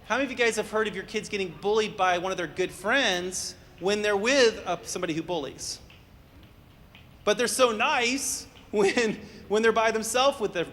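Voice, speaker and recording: A man's voice: high-pitched, fairly bright tone. A man who works as a counselor gives an interactive parenting workshop to an audience, telling stories, acting out the voices he quotes, and putting questions to the room. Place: meeting room or hall with a live audience. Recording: long reverb in a hall, faint room noise.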